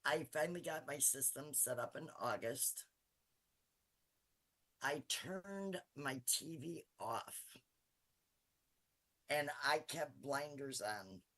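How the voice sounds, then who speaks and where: A woman's voice: rumbling low, fairly bright tone. A woman in her sixties giving a tearful, earnest webinar testimonial. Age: 60s. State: teary-eyed. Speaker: coaching client giving a testimonial.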